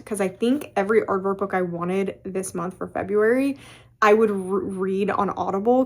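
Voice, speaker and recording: A young woman chatting casually in a book vlog, animated and full of fillers and quick laughs. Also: mid-range voice. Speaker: book vlogger. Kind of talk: casual chat.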